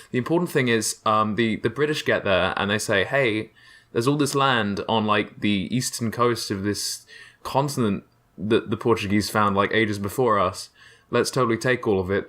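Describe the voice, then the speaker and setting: Bright-toned young man, rambling history explainer. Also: fairly low pitch. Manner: rambling, sarcastic, many fillers and restarts. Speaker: history video host. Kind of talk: casual comedic history explainer.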